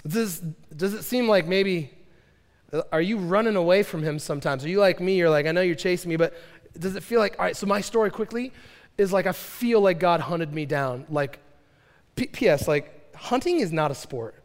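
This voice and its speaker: A man preaching a casual sermon to a youth group, talking fast and chatty with lots of filler words. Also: high-pitched, expressive. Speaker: youth pastor. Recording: long hall reverb.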